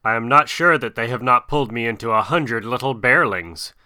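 A man's voice: medium pitch, fairly quick, bright, forceful tone, no echo, studio quality. A man doing a grave, fond old bear. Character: big gruff old male bear, sore and fond.

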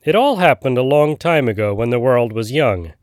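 A man voicing a gruff, knowing old male frog who tells a tale in a storybook reading. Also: medium pitch, animated, moderate pace, dry recording, studio quality, close to an everyday voice. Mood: storytelling.

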